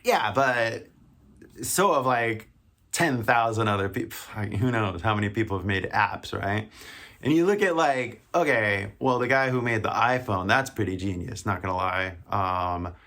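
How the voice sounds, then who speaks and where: A man's voice: lowish voice, animated, a little slow, fairly bright tone. An American man hosting an English-learning podcast in a loose, rambling chat full of fillers and laughs. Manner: rambling, full of "like" and "you know", laughs often. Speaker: English teacher and podcast host. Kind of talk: casual teaching chat.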